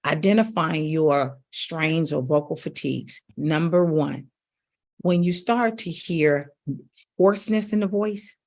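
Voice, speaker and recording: A middle-aged woman vocal coach giving an emphatic coaching talk straight to her audience, with sudden leaps up in pitch. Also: normal speed.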